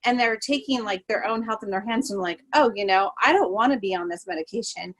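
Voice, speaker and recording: A woman's voice: mid-range voice, brisk, low-quality recording. A woman hosting a podcast as a nurse, telling stories in casual chat with lots of fillers and laughter. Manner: animated storyteller, laughs often, many fillers. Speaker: podcast host, holistic travel nurse.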